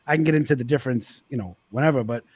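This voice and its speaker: A man's voice: mid-range voice, racing, darkish tone, slightly rough. A man speaking as a guest on a livestream, telling a story casually and quoting his own past thoughts. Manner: storytelling with quoted asides.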